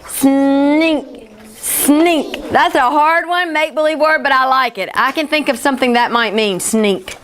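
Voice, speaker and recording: A woman teacher leading a classroom phonics lesson, encouraging and stretching sounds out slowly. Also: high voice, fairly bright tone.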